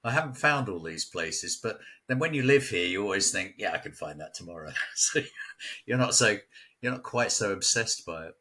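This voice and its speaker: A man's voice: lowish voice, lively intonation, normal speed, bright, forceful tone. A man from England chatting casually as a local guest, telling stories and laughing often. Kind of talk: casual chat. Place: at home near a village.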